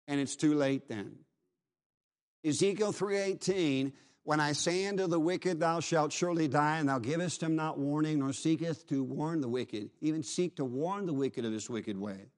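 A man's voice: on the high side, moderate pace. A middle-aged man preaching a revival sermon with fervent urgency, repeating his phrases for weight.

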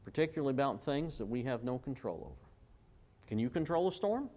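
A man's voice: mid-range voice, big pitch swings, mellow. A man preaching a sermon, quoting scripture and repeatedly asking the congregation to fill in words. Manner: call-and-response questions to the congregation; quotes scripture and recites hymn lyrics slowly. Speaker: pastor.

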